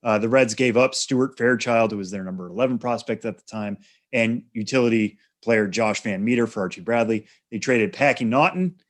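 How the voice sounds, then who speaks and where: Brief: male podcast co-host, measured explainer, lowish voice, frequent "uh"s. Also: steady tone. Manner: measured, explanatory with many fillers. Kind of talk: casual podcast chat.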